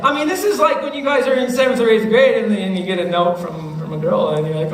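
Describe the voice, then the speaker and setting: A young male youth speaker gives a brisk talk to middle schoolers in a roomy hall, his high voice animated and chatty. He acts out students' voices and keeps checking in with the listeners. The mic is distant, picking up room echo and faint noise.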